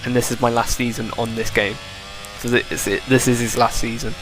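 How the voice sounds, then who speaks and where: A man's voice: medium pitch, level tone, a little fast, over music. A young man giving casual, chatty commentary over a racing game replay, thinking aloud and correcting himself. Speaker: gaming video creator.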